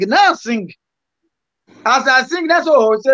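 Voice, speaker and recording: A man's voice: very high voice, a little fast, fairly bright tone, no echo. Guest musician, male, Nigerian Pidgin accent, rambling storyteller, very dry close sound. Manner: rambling, repeats words while searching. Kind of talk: casual storytelling. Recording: dull lo-fi sound.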